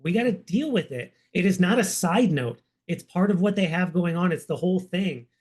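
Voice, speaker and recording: A man's voice: sits high, expressive, normal speed, a little mellow, husky. Emphatic plain-spoken man explaining. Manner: emphatic, plain-spoken, repeats key points. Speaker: guest practitioner. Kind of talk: conversational explaining.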